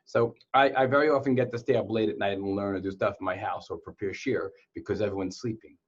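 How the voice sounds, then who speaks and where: A man's voice: fairly low pitch, fairly even intonation, quick pace, slightly rough. A man teaching a casual online Torah class to boys, telling jokes and stories in a playful way. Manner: playful joke-telling storyteller. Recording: dull lo-fi sound.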